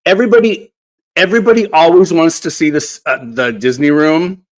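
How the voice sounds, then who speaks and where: A man's voice: a little high, moderate pace, rough recording. A man hosting a casual craft live stream, chatty and repeating words as he talks. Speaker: craft channel host.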